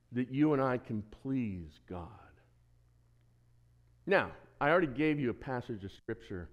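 A man preaching a sermon as pastor, lively and conversational, who quizzes the congregation and throws in joking asides. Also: medium pitch, dull audio. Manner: lively, asks the congregation questions, self-deprecating asides.

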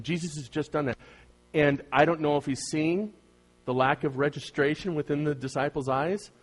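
His voice on the high side, a male pastor delivers a sermon that alternates between loud, emphatic moments and hushed asides, and he asks the congregation questions.

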